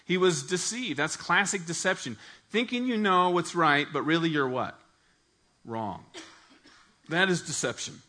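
Man, pastor, sermon, animated earnest storytelling, bright tone. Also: on the high side, measured pace.

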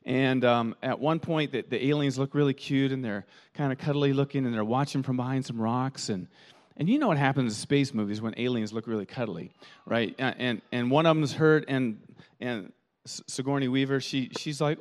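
Animated man preaching a sermon. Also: medium pitch, moderate pace. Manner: animated storytelling with quoted voices; repeats words while thinking. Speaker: pastor.

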